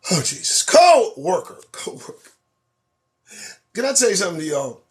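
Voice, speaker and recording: A man hosting a live stream, reading news headlines aloud and ranting about them in a sarcastic, profane, animated way. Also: sits high, racing. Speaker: host. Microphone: phone or webcam on a live stream.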